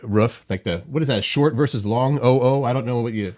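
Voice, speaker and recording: A man's voice: medium pitch, a little fast, a little mellow, dry recording, studio quality. A man co-hosting a morning show, chatting casually and playfully jumping in with asides. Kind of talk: casual radio chat.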